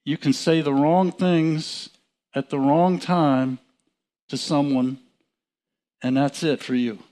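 Man, Bible teacher; unhurried, chatty delivery, raised pitch. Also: fairly even intonation, a little mellow. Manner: slow, chuckling, conversational with restarts. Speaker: preacher.

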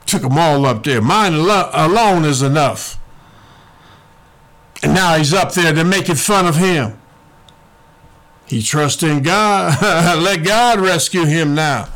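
A man's voice: high-pitched, fairly bright tone. A man preaching a sermon, repeating lines and calling the listeners to respond.

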